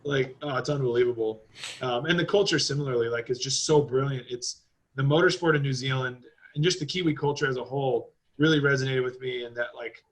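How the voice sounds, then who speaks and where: A man's voice: medium pitch, brisk, poor audio. A man on a podcast as a guest, chatting casually in a rambling way, with lots of fillers and loose swearing. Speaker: podcast guest, driving school owner.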